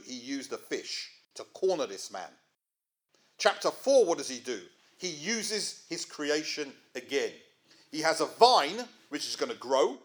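A middle-aged man, preaching a sermon in a conversational way and asking his listeners questions. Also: fairly high pitch. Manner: conversational, asks the audience rhetorical questions.

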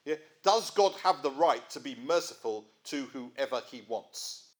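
A man's voice: medium pitch, expressive, unhurried. A middle-aged man, preaching a sermon in a conversational way and asking his listeners questions. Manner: conversational, asks the audience rhetorical questions.

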